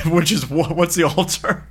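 Casting note: bright-voiced man, slightly high, laughs a lot while recapping a movie. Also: measured pace, slightly rough. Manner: laughs often, swears, acts out characters' lines. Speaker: podcast co-host. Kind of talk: casual movie recap chat.

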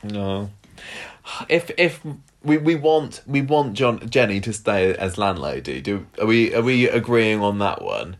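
Deep-voiced man on a podcast. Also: animated. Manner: measured, chatty, thinking aloud with ums. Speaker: podcast co-host. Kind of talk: casual chat about a TV soap.

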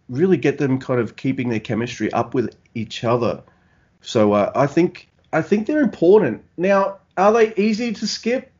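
A man co-hosting a podcast, talking in a relaxed, rambling way. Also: medium pitch, slightly rough, dull audio. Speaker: podcast co-host. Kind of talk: casual chat.

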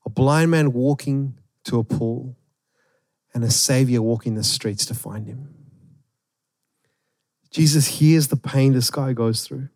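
A man preaching a sermon, retelling a story with animated emphasis. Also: mid-range voice, takes it slowly, pauses often, no echo, studio quality. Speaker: pastor.

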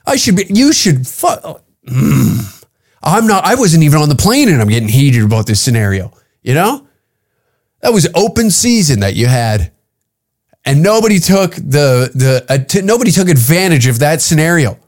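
A man from Canada hosts his own comedy podcast in a solo rant, swearing freely and getting heated as he goes. His voice sits a little higher than most men's. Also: sing-song, normal speed. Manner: profane, heated ranting. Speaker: podcast host and stand-up comic.

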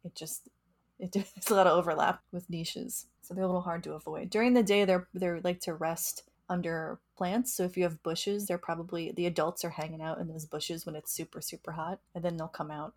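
A woman's voice: lowish voice, steady tone, a little fast. A young adult woman, a researcher, chatting casually on a podcast and explaining with frequent laughs and restarts. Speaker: mosquito researcher and co-host.

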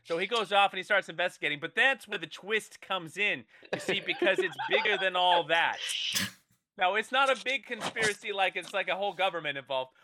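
Bright-voiced man pitching a movie playfully. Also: brisk, slight background noise. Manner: rambling, playful, with self-interrupting restarts. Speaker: comedy podcast co-host. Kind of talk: improvised comedic pitch.

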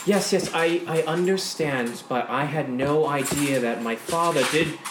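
Man doing a high-pitched young noblewoman, flustered, pleading, roomy recording with background noise. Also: measured pace. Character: distressed young noblewoman defending herself.

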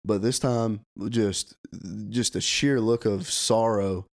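A young man tells a story in a relaxed, chatty way, and his voice sits a little low. He acts out the quoted lines as he goes. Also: takes it slowly. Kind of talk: casual storytelling.

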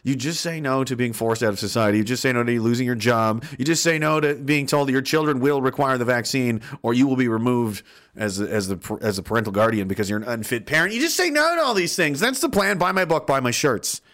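A man hosting a live stream, reading chat and ranting sarcastically, swinging between loud and soft. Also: mid-range voice, brisk. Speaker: livestream host.

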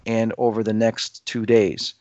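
A man's voice: on the low side, measured pace, no room sound. A man in his fifties, a guest telling a personal story in casual conversation, acting out voices as he goes. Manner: animated, acts out dialogue with his voice. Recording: dull lo-fi dry sound.

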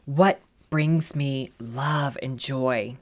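A woman's voice: very deep voice, extremely slow. A middle-aged woman telling a personal story as a motivational speaker, earnest and reflective, leaning on "you know" as she talks.

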